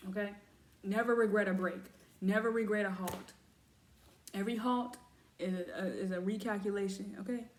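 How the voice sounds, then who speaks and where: A woman's voice: medium pitch, steady tone, normal speed, reverberant, slight background noise. A woman giving a casual oracle card reading, talking chattily and calling her viewers y'all. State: has cramps. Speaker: tarot reader.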